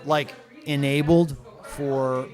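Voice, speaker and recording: A man's voice: mid-range voice, steady tone, slow pace, darkish tone. A male guest telling a personal story in a rambling way, with many restarts.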